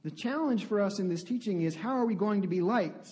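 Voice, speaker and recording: A man's voice: high-pitched, expressive, brisk, a little mellow. A male pastor giving a conversational sermon, often asking the congregation questions. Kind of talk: interactive sermon.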